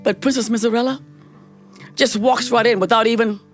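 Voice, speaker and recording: A woman's voice: a little high, fairly even intonation, fairly quick, faint music behind. A woman storyteller telling a fairy tale in a playful, dramatic way, talking straight to her audience. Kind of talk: animated live storytelling. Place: live studio performance.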